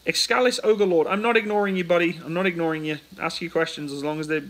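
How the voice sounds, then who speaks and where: A man's voice: fairly high pitch, steady tone, quick pace, fairly bright tone, poor audio. A British man hosting a casual livestream. He reads out viewer questions and answers them in a chatty way, into a phone. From United Kingdom. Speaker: livestream host.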